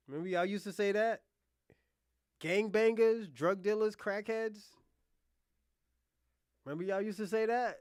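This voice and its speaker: A man from the United States hosting a livestream, giving blunt, profane casual commentary and talking back to his chat in loud bursts. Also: high-pitched, dry recording, clean studio sound. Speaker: livestream host.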